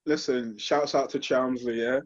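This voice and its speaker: A man's voice: mid-range voice, steady tone, normal speed, dull audio. A man hosting a casual chat, bantering and swearing freely. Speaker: host. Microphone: video call.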